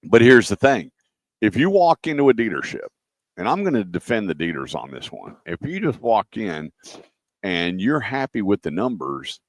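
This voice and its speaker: Male radio host, very low voice, chatty storyteller, dry close mic. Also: no room sound. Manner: storytelling, acts out callers' voices. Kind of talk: casual radio chat.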